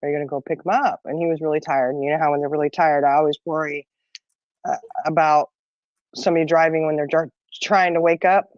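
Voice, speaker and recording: A middle-aged woman co-hosting a podcast rambles through a casual story, laughing often and chatting freely. Her voice is low, darkish, fast, and fairly even in intonation, and the recording sounds dry and muffled with no room sound.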